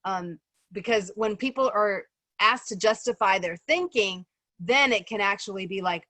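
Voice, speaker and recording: On a video call, a woman casually facilitates a group discussion, her talk full of ums and "right?" checks. Her medium-pitched voice is pushed and bright at a normal speed, and the recording is dry.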